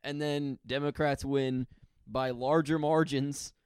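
A man's voice: mid-range voice, fairly even intonation, takes it slowly, a little mellow, clean tone, no echo, studio quality. A man co-hosting a podcast, delivering profane, sardonic rants in casual banter. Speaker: podcast co-host.

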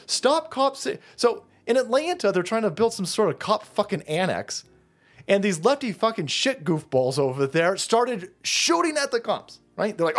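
Foul-mouthed ranting man. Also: high voice. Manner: foul-mouthed, mocking, loud outbursts with laughs. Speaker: commentary channel host. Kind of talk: profane political rant.

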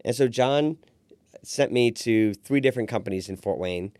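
Here a man in his forties, a restaurant owner, shares a story during a relaxed podcast interview, slipping into the voices of those he quotes with animated flair. His pitch is medium, his speed normal, and the recording dry.

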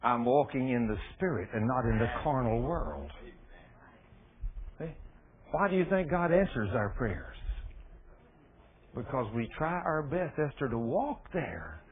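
A man's voice: mid-range voice, sing-song, measured pace, pauses often. A man preaching a sermon in a folksy, storytelling way with plain dialect grammar. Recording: tinny phone-like radio broadcast.

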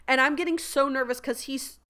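A woman hosting a podcast, telling a story in a casual monologue, animated and laughing often, with lots of "like" fillers. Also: sits high, a little fast. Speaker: podcast host.

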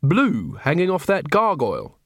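A man's voice: fairly high pitch, wildly swooping pitch, moderate pace, no room sound, studio quality, voice pushed up, heavily acted. A man voicing an eager, naive young male watch corporal in an audiobook. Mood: cheerful.

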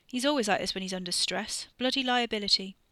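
A woman's voice: mid-range voice, fast, bright, forceful tone, no room sound, studio quality, lightly acted. A woman voicing a cocky young man who teases and mocks cheerfully. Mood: teasing. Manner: cheeky, mocking banter.

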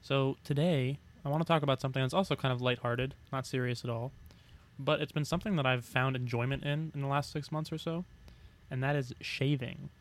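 Young dude chatting on a podcast, mid voice, laid back, swears a bit. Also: male voice, mid-range voice, a little fast. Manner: relaxed, rambling, swears casually. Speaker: podcast co-host. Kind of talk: casual chat.

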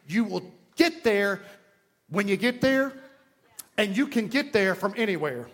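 Male pastor, east texas accent, very high voice, emphatic sermon, folksy jokes, repeats himself. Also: very animated, unhurried, pauses often, fairly bright tone, a little hiss or hum. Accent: Southern US, East Texas.

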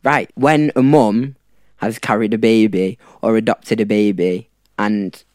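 A man's voice: lowish voice, steady tone, measured pace, a little mellow, no room sound, studio quality. A young man in his twenties as a podcast guest, talking informally with many hesitations and restarts. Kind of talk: casual chat.

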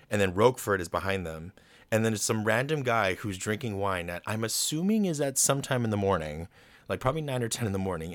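A man's voice: lowish voice, fairly bright tone, no room sound. A man casually recapping a film plot, rambling with lots of fillers and swearing freely, on a desk microphone.

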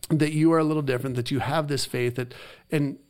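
A man co-hosting a faith podcast, casually retelling a story and acting out the quoted lines with lively emphasis. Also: medium pitch, fast talker, smooth. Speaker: podcast co-host. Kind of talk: casual chat.

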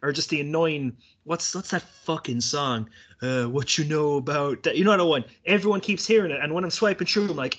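A man's voice: a little high, a little fast, fairly bright tone, breathy edge. A man hosting a podcast in casual chat, joking and swearing freely. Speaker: podcast host.

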